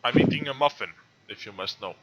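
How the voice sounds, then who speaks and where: A man's voice: medium pitch, fast, heavy background noise. A man speaking English as a non-native speaker, hosting a casual gaming chat over an online call, hesitant and thinking aloud as he reads rules. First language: not English. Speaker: host.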